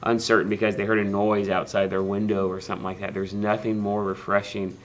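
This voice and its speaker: A man's voice: fairly low pitch, little pitch movement, quick pace, slight background noise. A man hosting a devotional talk show in a TV studio, earnest and hesitant with many ums. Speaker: pastor, host.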